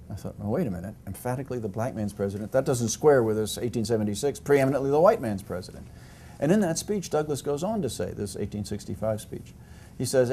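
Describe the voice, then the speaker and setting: A man's voice: mid-range voice, mellow, a little hiss or hum. An older man, a historian guest, answering interview questions at length with frequent fillers, restarts and dry humor.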